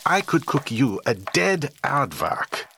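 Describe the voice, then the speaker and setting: Brief: haughty French palace chef, gravelly, swooping delivery, radio comedy. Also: male voice, medium pitch, sing-song, slow pace, background noise. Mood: theatrical. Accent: French, put on. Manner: indignant flourishes with French words. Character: proud, theatrical middle-aged male French royal chef. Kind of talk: comedy radio play acting.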